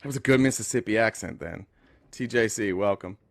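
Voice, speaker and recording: A man's voice: lowish voice, brisk, gravelly, dry recording. A man hosting a casual live stream, blunt and talking straight to his callers. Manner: blunt, talks to callers directly. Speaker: livestream host.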